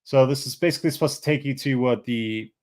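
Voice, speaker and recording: A man's voice: medium pitch, fast talker, darkish tone. A man of about thirty reviewing fragrances in a casual, rambling chat, full of fillers and easy enthusiasm.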